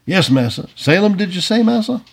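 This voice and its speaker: A man voicing an eager young male servant who answers his master quickly, in a husky, raised voice. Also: sits high, sing-song, pitched above the performer's own voice, full character voice.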